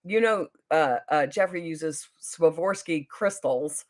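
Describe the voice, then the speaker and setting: A woman tells a story on her livestream in a loose, rambling way. She often loses her place and restarts, then jumps into high, excited bursts when she quotes someone. It sounds like casual talk from home. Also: measured pace, few pauses. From New Jersey. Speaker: beauty vlogger.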